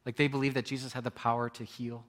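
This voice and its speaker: A pastor preaches an earnest sermon in a medium-pitched, level, fast voice, building to emphatic points and restarting frequently.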